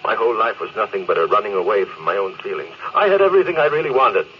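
An actor playing a doomed spaceship captain, speaking in a brooding, confessional way in 1950s radio drama style. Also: male voice, lowish voice, expressive, fast talker, lightly acted. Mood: regretful. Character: doomed spaceship captain, regretful grown man falling. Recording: dull old radio recording with hiss.

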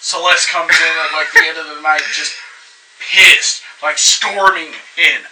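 A man co-hosting a podcast in casual chat, teasing his guest and laughing through quick jokes. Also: a little high, lively intonation, echoey room, recorded from a distance, noisy background. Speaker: podcast co-host.

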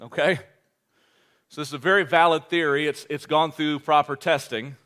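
A male pastor preaching a sermon, animated and joking at his own expense, often restarting his phrases. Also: a little high. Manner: animated, joking, self-deprecating, with quick restarts.

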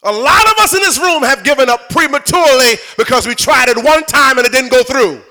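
A high-pitched man with a bright, forceful tone preaches a sermon in church. He swings from chatty, laughing storytelling aimed at the congregation into loud, fervent preaching. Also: lively intonation, a little fast. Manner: conversational storytelling building to shouted preaching. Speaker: bishop preaching.

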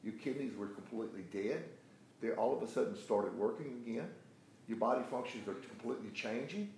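A man's voice: medium pitch, expressive, a little mellow. Echoey older man telling a story. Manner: halting storyteller with many restarts and fillers. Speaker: prayer group leader. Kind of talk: testimony in a group meeting. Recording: echoey room with faint background noise.

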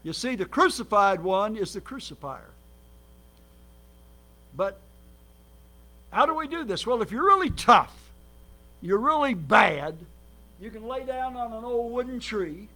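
A man preaching as a guest, telling his life story with lively acted quotes and sudden swings between loud and soft. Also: sits high, a little slow, long pauses. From Minnesota, United States. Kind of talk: sermon.

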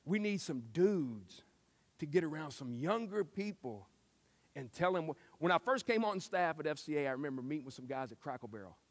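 A man preaching a sermon, telling stories and acting out quotes with lively shifts. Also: on the high side, normal speed. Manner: lively storytelling with acted-out quotes. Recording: long hall reverb.

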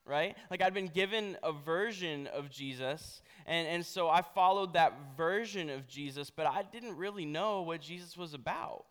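A young pastor preaches in a relaxed, chatty way, his slightly high, smooth voice ringing out in a large hall with a long tail of reverb. He keeps checking in with the crowd as he talks. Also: normal speed. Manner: conversational, asks "right?" often. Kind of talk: casual sermon with storytelling.

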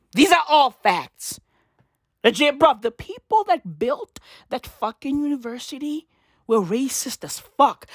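A woman delivering a profane comic rant, provocative, jumping between loud outbursts and muttered asides. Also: high-pitched, no room sound, studio quality.

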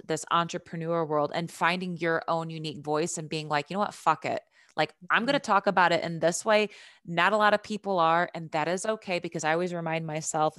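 A woman with a low, smooth voice hosts a relaxed interview and speaks earnestly about spiritual guidance and expression. Her voice is clear and resonant, and the recording is close and dry with no room sound. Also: no echo. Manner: earnest, spiritual coaching talk. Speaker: podcast host. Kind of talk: casual conversational interview.

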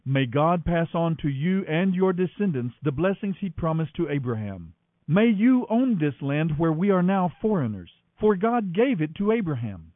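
A man's voice: on the high side, sing-song, moderate pace, pitched above the performer's own voice. Man doing a grave old father. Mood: solemn. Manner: solemn, grave. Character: aged, trembling father giving blessings. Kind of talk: dramatic scripture reading. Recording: tinny lo-fi radio broadcast.

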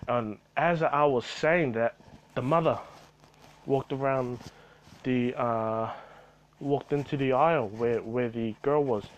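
A man's voice: mid-range voice, takes it slowly, muffled recording. A man telling a rambling story about his retail job in a casual vlog, full of fillers and swearing.

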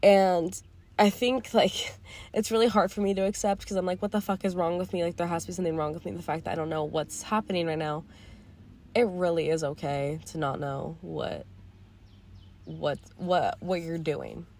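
Teen girl podcast host, lowish slightly hoarse voice, candid, rambling, swears casually. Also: steady tone, moderate pace, a little mellow. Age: teens. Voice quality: voice going hoarse. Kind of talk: casual reflective monologue.

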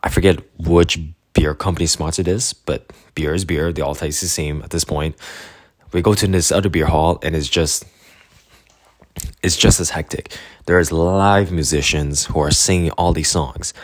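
A man's voice: very deep voice, fairly even intonation, normal speed, dry recording, studio quality. A young man from Canada telling a rambling travel story in casual chat, laughing often and acting out the people he quotes.

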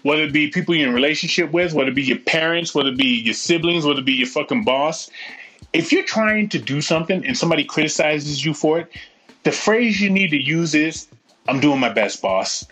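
A man's voice: fairly high pitch, fast, fairly bright tone. A man in his forties co-hosting a casual podcast chat, blunt and profane, ranting freely. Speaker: podcast co-host.

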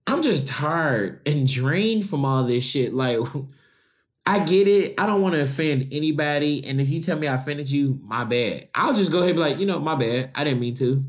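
A podcast host from the United States who talks bluntly and directly, swearing freely. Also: medium pitch. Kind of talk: casual podcast chat.

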